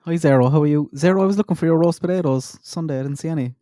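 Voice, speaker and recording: A quick-talking Irish man chatting on a livestream, his voice mellow and fairly high for a man. He speaks straight to his viewers by name, and the sound is close and dry, with no room echo. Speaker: livestream host. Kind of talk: casual live-stream chat.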